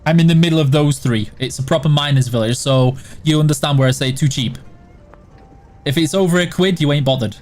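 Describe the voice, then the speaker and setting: A man's voice: a little high, brisk, darkish tone, faint music behind. A man with a Yorkshire accent from near Barnsley, hosting a game livestream and chatting casually with viewers, rambling with lots of restarts. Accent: Yorkshire (Barnsley area). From Yorkshire, England. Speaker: stream host. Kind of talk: casual livestream chat answering viewer questions while gaming.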